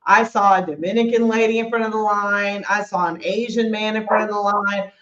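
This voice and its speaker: A woman telling a story on a podcast in a lively, animated way, acting out the people in it and slipping into Spanish. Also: mid-range voice, fairly quick, reverberant, dull audio.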